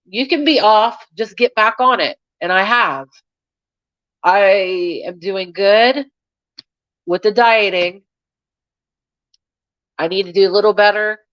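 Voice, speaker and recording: Slow chatty woman on a stream, scratchy sore throat, cussing and blowing kisses, dull lo-fi sound. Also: on the low side, no echo. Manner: chatty, swears freely, blows kisses. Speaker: livestream host. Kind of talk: casual chat to viewers.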